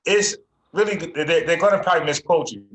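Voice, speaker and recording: A man's voice: on the high side, expressive, fairly quick, reverberant, a little hiss or hum, rough recording. A man hosting an online debate show, firm and insistent, repeating himself to make a point. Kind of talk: heated debate.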